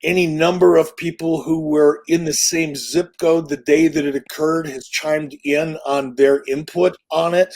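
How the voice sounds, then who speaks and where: A middle-aged man telling an animated, profane, salesman-like story as an interview guest. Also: a little high, unhurried, hardly any pauses. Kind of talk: casual storytelling.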